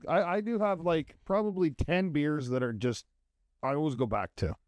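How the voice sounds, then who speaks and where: A man's voice: a little high, normal speed, no room sound. A man co-hosting a casual drinking podcast, teasing his friend and laughing often. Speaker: podcast co-host.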